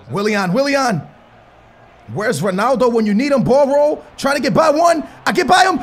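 A young man giving excitable live commentary on his own football video game matches, muttering while he concentrates and yelling when he scores. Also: very high-pitched, moderate pace, slightly rough, faint music behind. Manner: excitable, bursts into shouting at goals. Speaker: gaming YouTuber.

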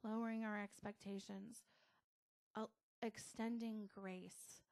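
A middle-aged American woman pastor giving a casual, conversational sermon with soft asides. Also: on the high side, a little slow.

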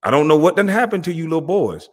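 Hosting his own channel, a man with a fairly high, sing-song voice talks quickly through a heated, confrontational monologue in street slang. He mocks his listeners and repeats himself while calling them out.

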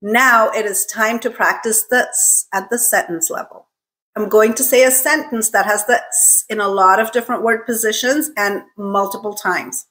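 A woman's voice: mid-range voice, steady tone, normal speed, pushed and bright. A woman teaching English pronunciation, carefully modeling each word three times for learners to repeat. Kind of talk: pronunciation lesson with repeat-after-me drills.

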